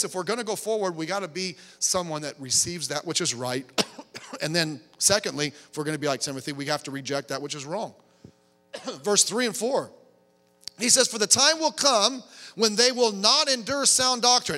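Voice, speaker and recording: A man's voice: high voice, animated, moderate pace, pushed and bright. A middle-aged man preaching a sermon as pastor, emphatic and conversational, often restarting his sentences. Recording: reverberant hall, faint music behind.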